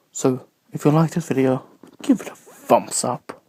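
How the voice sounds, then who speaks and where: A man's voice: medium pitch, warm tone, slight background noise. A man with a cough talks in a rambling, easily distracted way, drifting into whispers as he addresses viewers of his video blog. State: sick with a cough. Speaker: video blogger. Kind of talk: rambling casual monologue. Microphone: phone camera.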